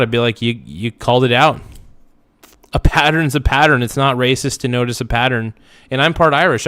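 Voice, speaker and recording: A man's voice: medium pitch, a bit bright, smooth, dry recording. A man hosting a livestream reaction, ranting bluntly and emphatically, hammering his points home by repeating them.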